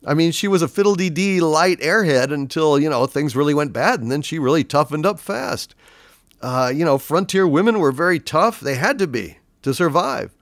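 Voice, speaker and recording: A man talking casually on a live stream, his pitch swinging up and down as he goes. He stumbles and repeats himself and swears freely. The sound is close and dry, with no room around him. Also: animated, moderate pace, no echo. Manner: rambling, stammers and repeats words, swears casually. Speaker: livestream host reading viewer donations. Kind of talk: casual unscripted chat.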